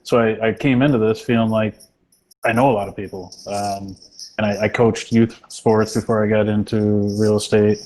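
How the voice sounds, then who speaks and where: A man working as a real estate agent, answering a panel question in a measured, reflective way with frequent restarts. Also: on the low side, fairly even intonation, a little mellow, low-quality recording. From small rural county.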